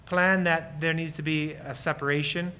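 Earnest man with a bright, forceful voice. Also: on the high side, fairly even intonation, moderate pace, clear, resonant tone. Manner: earnest and enthusiastic, telling personal stories; acts out short bits of dialogue while explaining. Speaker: guest speaker on ministry. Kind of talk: church talk with audience questions.

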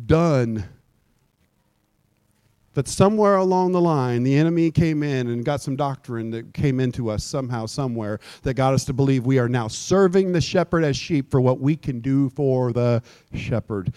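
A pastor preaching a sermon in a lively, joking way, slipping into mock old-fashioned prayer voices. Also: male voice, mid-range voice, normal speed, clean tone, dry recording. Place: church.

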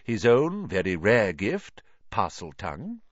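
A guy doing a calm old headmaster, soft and gentle, low voice, dry lo-fi sound. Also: a little slow, no room sound, heavily acted. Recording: dull lo-fi recording.

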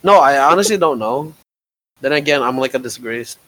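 A man's voice: mid-range voice, lively intonation, normal speed, fairly bright tone, low-quality recording. A man guesting on a podcast in casual chat, teasing and swearing freely. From Filipino.

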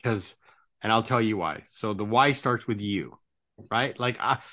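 A man's voice: fairly low pitch, measured pace, sharp tone. A man hosting a casual interview, earnest and encouraging, who tags nearly every phrase with "right?". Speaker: podcast host and life coach.

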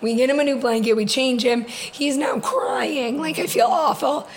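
A chatty woman co-host with a fairly high voice. She tells stories in a loose, playful way and often laughs between lines. A faint hiss sits under the recording. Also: moderate pace. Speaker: podcast co-host. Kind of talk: casual chat.

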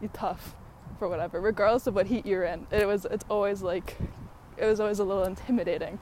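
Talking fast in a slightly mellow, mid-range voice with fairly even intonation, a podcast host rambles casually as she climbs a hill and loses her breath. Fillers pile up and she laughs a lot. Some background noise is faintly present.

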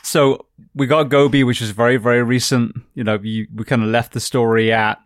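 A man's voice: mid-range voice, level tone, brisk, dry recording. A man hosting an interview, reassuring and easygoing as he steers the questions. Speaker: podcast host.

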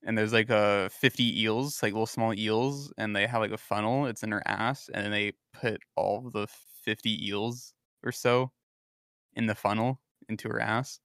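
A man's voice: on the low side, steady tone, moderate pace, a bit bright, no room sound, clean studio sound. A man co-hosting a casual podcast chat, ranting bluntly and swearing often. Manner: crude, ranting, swears a lot. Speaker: podcast co-host.

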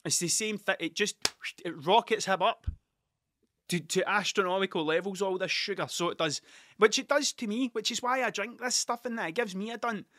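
High-pitched and fairly quick, his voice comes across as pushed and bright on a dry recording. He is a vlogger from Scotland in his thirties who tells rambling, offhand stories, curses frequently, strays into digressions and cuts himself off.

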